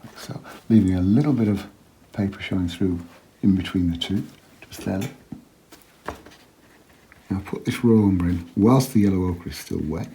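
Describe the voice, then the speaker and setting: A man giving a relaxed watercolour painting lesson, chatty and quiet, often dropping to a murmur as he works. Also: sits low, moderate pace, long pauses. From England. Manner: quiet, chatty, drops to a murmur while working.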